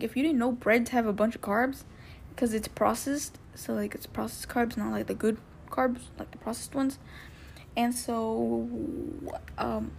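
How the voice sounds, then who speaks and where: A young woman with a slightly high voice hosts a casual podcast, telling a personal story in a loose, rambling way. She fills her sentences with "like" and briefly acts out what people said. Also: creaky, slight background noise. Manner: rambling, heavy use of "like", acts out quotes. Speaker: podcast host.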